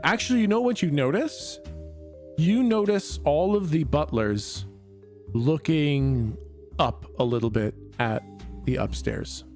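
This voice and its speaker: Laid-back male game master, loose filler-heavy narration, higher pitch. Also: takes it slowly, a little mellow, faint music behind. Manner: casual, swearing, filler-heavy.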